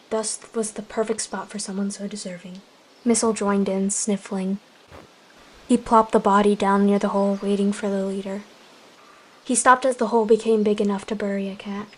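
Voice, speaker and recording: A woman softly narrating a casual animal roleplay story and chatting to viewers. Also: mid-range voice, level tone, moderate pace, slight background noise. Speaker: storyteller and video creator.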